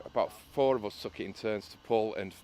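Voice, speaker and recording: Hesitant, low-voiced man storyteller. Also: fairly quick, dark tone, slight background noise. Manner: hesitant storytelling, many uhs, laughs at own story. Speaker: boat restorer. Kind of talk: casual interview anecdote.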